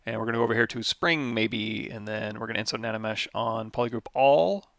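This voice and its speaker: A tired man with a lot of vocal fry, teaching a live software tutorial and thinking aloud as he works through menus. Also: on the low side, brisk, dry recording. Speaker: 3D modeling instructor.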